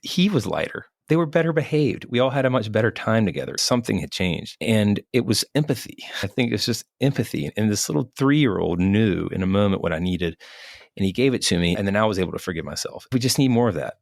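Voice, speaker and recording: A man in his thirties, a physician guest, speaking in an earnest, measured, thoughtful way in an interview conversation. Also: fairly low pitch, expressive, vocal fry, no room sound.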